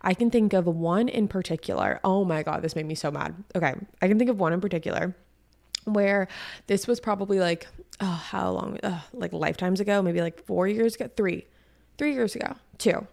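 A woman's voice: medium pitch, moderate pace, vocal fry, darkish tone. A young woman hosting a podcast, telling stories in a chatty, slangy way. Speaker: podcast host. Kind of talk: casual chat monologue.

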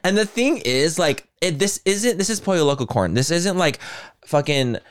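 A man co-hosting a casual chat, telling a story in an animated way, swearing freely and acting out his own reactions. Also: fairly high pitch, moderate pace. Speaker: podcast co-host.

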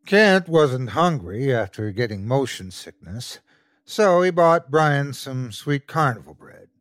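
A man's voice: mid-range voice, very animated, takes it slowly, a bit bright, no echo, studio quality. A man narrating a scripted horror story as the show's host, telling it expressively.

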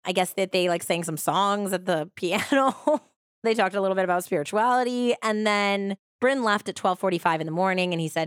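A woman's voice: medium pitch, brisk, clean tone, dry recording, studio quality. A woman hosting a podcast, telling a true-crime story in a casual, chatty way with many "like" fillers. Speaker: podcast host.

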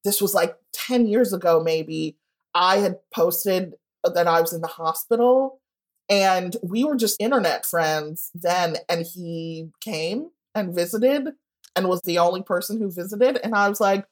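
A woman's voice: fairly low pitch, a little slow. A woman guest speaking frankly in a casual interview, often acting out what people said to her. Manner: frank and candid, acts out quoted voices. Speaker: guest author.

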